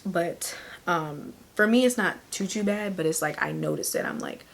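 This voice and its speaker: Woman vlogger, heavily pregnant and winded; low-ish, casual, rambling delivery with breathy near-whispers. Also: lively intonation, normal speed. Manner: chatty and rambling, many fillers, laughs often. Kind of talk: casual chat to camera.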